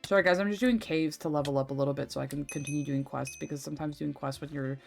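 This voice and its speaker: Chatty young woman streamer, low voice. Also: fairly even intonation, quick pace, creaky, faint music behind. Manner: rambling, chatty, swears freely, many fillers. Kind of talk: casual livestream chat while gaming.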